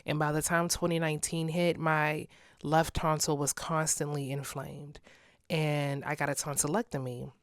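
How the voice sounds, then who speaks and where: A woman's voice: low voice, level tone, normal speed, dry recording, clean studio sound. A young woman hosting a solo podcast, talking candidly in a casual way and laughing often. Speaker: podcast host.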